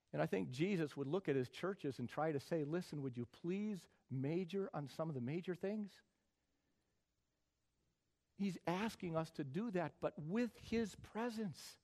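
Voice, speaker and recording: A middle-aged man preaching a sermon as pastor, building from quiet talk to loud, emphatic passages. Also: fairly high pitch.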